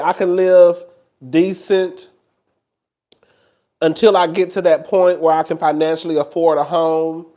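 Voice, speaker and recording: Man, high voice, animated, gossipy, laughing often, casual host. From Houston, Texas. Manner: animated and gossipy, laughs often, addresses listeners as "girl" and "child". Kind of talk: casual chat to camera.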